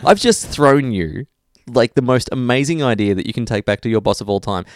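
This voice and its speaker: A man's voice: medium pitch, animated, a little fast, dry recording. A young Australian man in casual chat as a podcast co-host, joking in a dry, teasing way and spinning mock scenarios.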